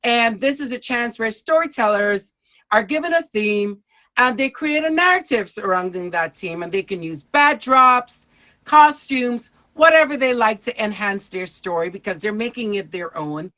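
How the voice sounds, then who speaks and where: A woman's voice: fairly high pitch, animated, normal speed, pushed and bright. A woman hosting a storytelling show, speaking in a welcoming announcer manner.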